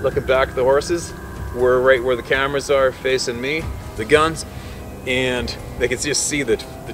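A man who works as a hunting guide tells a tense story in a vivid, excitable way, laughing often between phrases and swearing casually. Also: mid-range voice, noisy background. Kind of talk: animated storytelling. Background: music.

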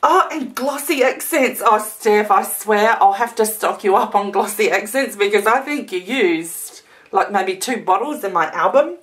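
A woman's voice: mid-range voice, animated, normal speed. A woman from Australia opening a handmade craft gift in a casual vlog, gasping and gushing over every detail.

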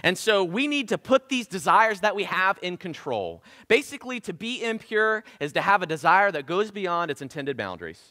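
A man's voice: high voice, sing-song, moderate pace, hardly any pauses, bright, forceful tone, long reverb tail. A man preaching a sermon in a church, impassioned, with emphatic repetition and rhetorical questions. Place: church sanctuary.

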